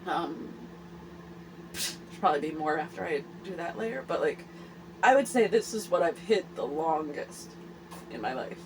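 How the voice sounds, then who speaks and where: A woman in her forties hosting a candid personal vlog, talking earnestly and haltingly with many fillers and restarts. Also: deep voice, expressive, background noise. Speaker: host.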